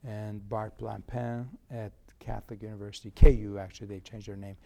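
Gravelly older man explaining at length. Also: on the low side, flat delivery, brisk, mellow. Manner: reflective, explanatory, with frequent restarts. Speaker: research center director. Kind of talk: interview conversation.

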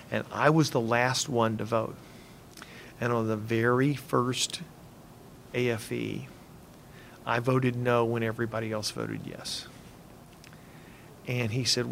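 Gravelly older man reminiscing. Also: medium pitch, slight background noise. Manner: relaxed anecdotal telling with soft laughs. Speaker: interviewee, former engineer. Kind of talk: reflective storytelling interview.

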